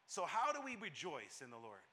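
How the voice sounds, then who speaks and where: A male pastor preaching a sermon with a high, very bright, piercing voice. He drives his points home through repetition and often stumbles and restarts a phrase. His tone stays emphatic throughout. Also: huge pitch swings, a little fast.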